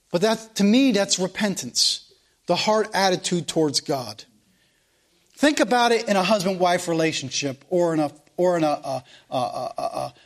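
A man's voice: fairly high pitch, a bit bright. A man preaching a sermon, reading scripture emphatically and speaking earnestly to his congregation, with some restarts. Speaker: pastor.

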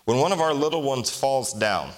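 With a medium-pitched, animated voice, a male pastor preaches, taking his time over the scripture reading and chatting with the congregation through rhetorical questions.

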